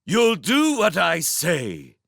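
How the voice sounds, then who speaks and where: Man as an arrogant villain prince, theatrical, menacing, raised pitch, drawn-out threats, bright edge. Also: wildly swooping pitch, vocal fry, no echo, studio quality, heavily acted.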